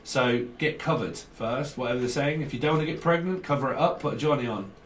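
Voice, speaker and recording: A man's voice: mid-range voice, fast, recorded from a distance. A man gives a loose, joking tarot reading that wanders from thought to thought. He sits some way back from the mic, so his voice comes across roomy and echoey. A faint hiss of noise sits under it. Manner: rambling, jokey, chuckles between thoughts. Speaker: tarot reader. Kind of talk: casual tarot reading to camera.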